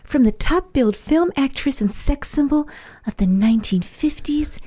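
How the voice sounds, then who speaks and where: A woman impersonating a coy 1950s screen siren in a breathy, half-whispered voice. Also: high-pitched, lively intonation, moderate pace, dark tone, voice pushed up. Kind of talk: celebrity voice impression.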